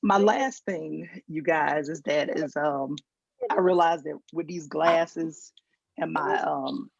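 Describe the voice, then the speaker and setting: Southern woman comic with a gravelly, husky voice. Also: low-pitched, slow pace, no echo. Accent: Southern American. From Georgia, US South. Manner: storytelling with acted-out quotes and self-mocking asides. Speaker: stand-up comedian. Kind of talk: virtual stand-up comedy set. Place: home, over a video call. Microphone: video call mic. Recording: dull lo-fi video call audio.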